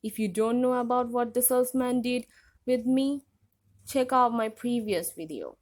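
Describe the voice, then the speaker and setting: A woman with a high voice hosts an online vocabulary lesson. She explains each word clearly and sounds friendly and patient throughout. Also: moderate pace. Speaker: English vocabulary teacher, channel host.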